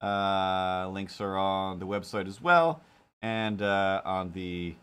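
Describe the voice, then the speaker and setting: A man's voice: sits low, takes it slowly, fairly bright tone, clear, resonant tone. A man hosting a casual live stream while drawing, talking in a rambling, self-deprecating way with lots of fillers. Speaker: live-stream host and cartoonist.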